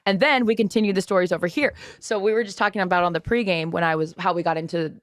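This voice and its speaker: Lively lower-voiced woman telling podcast stories. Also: fast talker, no echo, clean studio sound. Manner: animated storyteller, acts out quotes. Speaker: podcast co-host. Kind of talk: casual chat.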